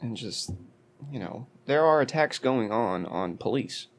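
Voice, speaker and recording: Gravelly man telling a story casually. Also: mid-range voice, measured pace. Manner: animated storyteller, joking. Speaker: podcast co-host.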